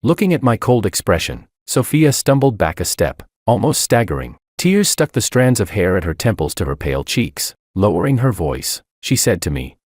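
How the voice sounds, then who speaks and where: A man narrating a dramatic first-person story in a very deep voice. His reading is expressive, with pitch rising and falling widely, and the sound is dry and close. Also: moderate pace, few pauses, no echo.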